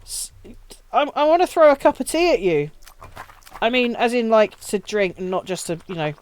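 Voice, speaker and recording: A woman's voice: fairly high pitch, very animated, moderate pace, darkish tone, clean tone. A woman live-streaming a game, chatting casually with her viewers, swearing freely and laughing often. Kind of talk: casual live-stream chat while playing.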